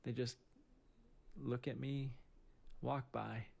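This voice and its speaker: A middle-aged man, a surgeon, telling a personal story in a casual, halting way with many fillers and restarts. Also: medium pitch, level tone, gravelly, a little mellow, breathy edge.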